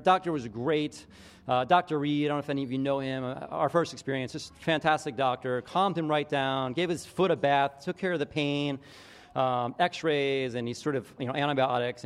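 A middle-aged man preaching as a pastor, telling a story in a casual, animated way with quoted voices. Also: medium pitch, in a large hall. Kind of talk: conversational sermon storytelling.

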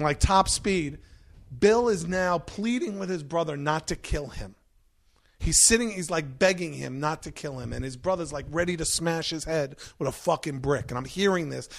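A middle-aged man with a fairly high voice and a rough, gravelly texture, spinning a long story as a podcast guest. He talks animatedly and swears freely. He slips into the voices of the people he describes. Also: fairly bright tone. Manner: profane, acts out other people's voices.

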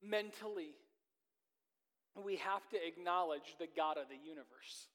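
A pastor preaching a sermon, telling a personal story in earnest, with his pace speeding up and slowing down. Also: a little high, a bit bright. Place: church sanctuary. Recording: long reverb of a church hall.

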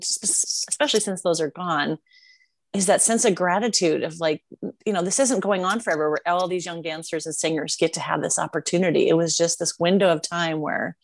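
A woman hosting a podcast, talking reflectively and rambling, with many "like" fillers. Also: lowish voice. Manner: reflective, rambling, heavy use of "like". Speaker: podcast host. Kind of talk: casual podcast interview.

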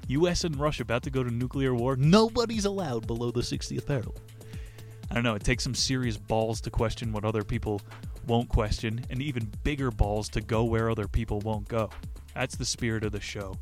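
A man's voice: mid-range voice, brisk, soft background music. A man hosting a book podcast, brash and crude, cracking corny jokes and swearing between passages he reads aloud. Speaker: podcast host reviewing books.

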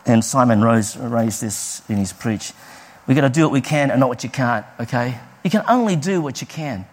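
A man preaching a sermon, telling personal stories with lively delivery and acting out the people he quotes. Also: medium pitch, normal speed. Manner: lively storytelling, acts out quoted voices.

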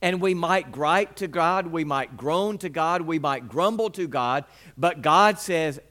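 Animated male preacher. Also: on the high side, unhurried, hardly any pauses. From Mississippi, US. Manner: animated storyteller who acts out scenes with sound effects. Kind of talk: sermon with personal storytelling.

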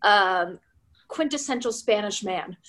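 A woman's voice: medium pitch, unhurried. A woman game designer, a guest on a podcast, telling funny stories in casual chat and laughing often. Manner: animated storyteller, laughs often.

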